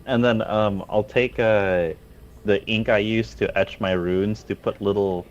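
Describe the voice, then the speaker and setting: A man's voice: on the low side, steady tone, unhurried, highs cut off. A man playing a tabletop game, talking hesitantly with lots of fillers and dry humor. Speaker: player. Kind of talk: casual tabletop game play.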